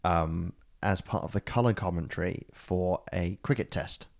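Gravelly and low, an Australian podcast co-host tells a joke at normal speed amid casual, pub-style banter. He rambles, leans heavily on fillers, and punctuates the story with hearty laughter.

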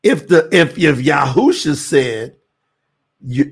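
Animated man teaching scripture on a livestream. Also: on the high side, breathy edge. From USA. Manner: animated, drawn-out emphasis, addresses chat as y'all. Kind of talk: casual livestream teaching with chat.

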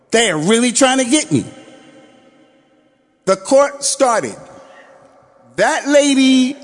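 Guy preaching friday sermon, high voice, animated storytelling, shouts sometimes, long echo in the mosque hall. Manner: animated storytelling, shouted exhortations, quick Quran recitation. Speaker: imam giving Friday sermon.

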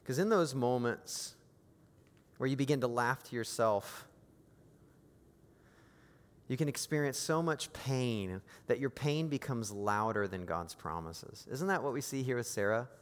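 A man's voice: medium pitch, expressive, measured pace, long pauses. Dynamic male pastor in a reverberant hall. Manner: dynamic preaching, swinging from quiet to emphatic. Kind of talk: sermon.

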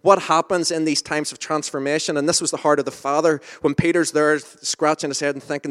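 Man, preacher, informal sermon, conversational asides, slightly high voice, reverberant hall. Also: flat delivery, brisk, few pauses, fairly bright tone. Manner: conversational, self-deprecating, with restarts and asides.

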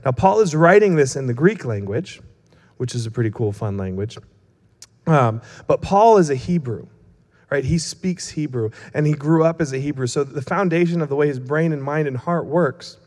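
A man's voice: a little high, fairly quick, a little mellow. A young male preacher giving a casual, humorous sermon, telling self-mocking stories before explaining scripture. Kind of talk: sermon with storytelling. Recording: long hall reverb.

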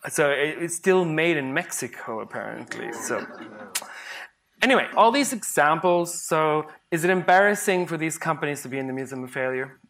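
Bright-voiced man giving a playful talk. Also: a little high, expressive, normal speed. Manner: playful, sarcastic, often breaking into laughter. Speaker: conference speaker, psychologist. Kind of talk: humorous conference talk.

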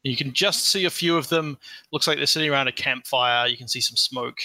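A man's voice: mid-range voice, a little fast, sharp tone, dry recording. A man running a tabletop game as game master, narrating the scene in a casual, meandering way and often correcting himself. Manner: casual, meandering descriptions with frequent self-corrections.

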